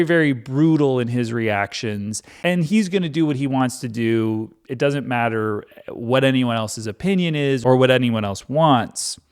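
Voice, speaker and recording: Lively, sarcastic man reading scripture. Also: medium pitch, clear, resonant tone. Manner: sarcastic, irreverent, animated. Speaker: Bible reading channel host. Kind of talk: casual Bible commentary.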